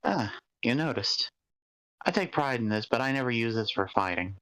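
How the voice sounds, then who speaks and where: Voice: mid-range voice, expressive, moderate pace, a bit bright, lightly acted. A player voicing a polite, earnest young woman swordfighter in a tabletop game.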